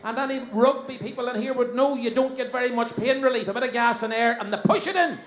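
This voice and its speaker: Cheeky high-voiced Northern Irish compere. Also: male voice, fast. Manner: cheeky, banters with the audience. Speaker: show compere. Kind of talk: live stand-up compering. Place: stage in a hall before a live audience. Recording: echoey hall, faint crowd and noise.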